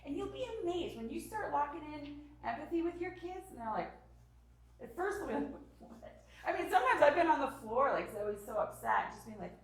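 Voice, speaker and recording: A woman with a somewhat high voice leads a lively parenting workshop for a live group, speaking fairly quickly. She acts out little scenes between parents and children, sometimes sinking into a whisper. She sounds far from the mic, in a hall with heavy echo.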